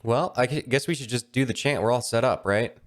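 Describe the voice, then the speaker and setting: A man's voice: mid-range voice, a little fast. A man playing a tabletop game, chatting casually and hesitantly with frequent restarts.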